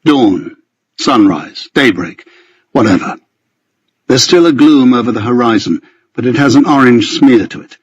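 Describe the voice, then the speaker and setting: A man with a husky voice narrating a first-person novel in a measured storytelling manner. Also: medium pitch, lively intonation, dry recording, lo-fi sound. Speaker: audiobook narrator.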